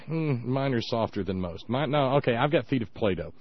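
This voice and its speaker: A man's voice: mid-range voice, expressive, brisk, no echo. Man, middle-aged, radio host, from West Virginia, wry drawl, muffled dry studio sound. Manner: wry, drawling, self-mocking. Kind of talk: casual political talk radio.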